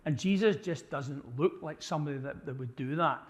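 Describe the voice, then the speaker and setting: This apologetics talk comes from a man with a fairly high voice who speaks fairly quickly, addressing a church audience conversationally, asking them questions and frequently restarting. It was recorded live in a church hall with long reverb.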